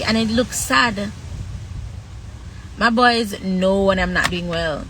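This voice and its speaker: A woman speaking frankly on a livestream, halting often with long pauses as she talks about her own life. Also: mid-range voice, background noise. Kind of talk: candid personal talk.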